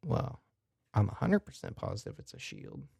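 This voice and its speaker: A man's voice: on the low side, huge pitch swings, moderate pace, vocal fry, dark tone, slightly rough, no echo, studio quality, exaggerated voice. A man voicing an eager male shopkeeper in a tabletop game, pressing his wares on a customer. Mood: salesy. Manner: salesman patter, pressing items on the buyer. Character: eager male shopkeeper merchant, pushy and generous.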